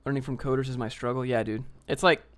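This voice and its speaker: A man's voice: mid-range voice, fairly even intonation, fast talker, a bit bright. A man hosting a casual livestream, reading chat questions aloud and answering in a rambling, joking way.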